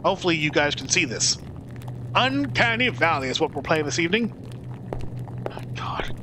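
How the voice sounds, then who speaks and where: A man streaming a video game, talking to chat with excitable, swearing commentary. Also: on the high side, normal speed, background noise. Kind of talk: live gameplay commentary.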